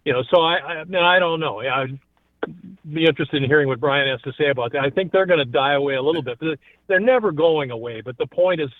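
A man's voice: fairly high pitch, fast talker, dry recording. A man calling in from his car, talking in a rambling way with frequent chuckles. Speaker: caller. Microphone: phone. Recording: tinny phone line.

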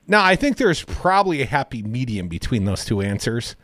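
A man's voice: medium pitch, big pitch swings, brisk, few pauses, a bit bright, dry recording, studio quality. A man from Madison, Wisconsin co-hosting a casual political talk radio show, sarcastic and opinionated in a chatty way. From Madison, Wisconsin, USA.

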